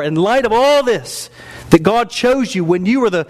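A man's voice: high voice, expressive, normal speed. A man in his thirties preaching a sermon in a church, reading scripture aloud and rising into emphatic bursts. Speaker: pastor. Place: church sanctuary.

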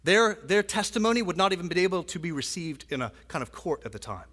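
A man's voice: sits high, very animated, fast, fairly bright tone. A man preaching a sermon in a church, talking conversationally with frequent asides and "right?" checks to the congregation. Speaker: pastor. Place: church sanctuary. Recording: long hall reverb.

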